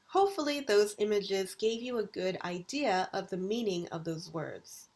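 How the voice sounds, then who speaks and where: A woman with a mid-range voice teaches English at university level, and here she is recording a video lesson in which she enunciates each vocabulary word slowly and deliberately.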